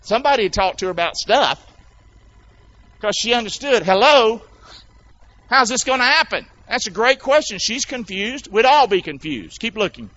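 Animated preacher man, high voice. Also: normal speed. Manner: animated, emphatic, repeats words for effect. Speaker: pastor. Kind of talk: sermon. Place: church. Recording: dull lo-fi sound.

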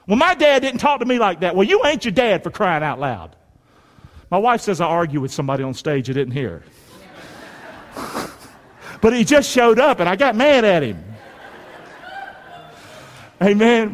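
Folksy male preacher with a high voice, emphatic call-and-response delivery, long hall reverb. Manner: call-and-response preaching, asks the congregation for amens; folksy, emphatic, swings between shouting and quiet. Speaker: pastor. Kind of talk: sermon. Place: church.

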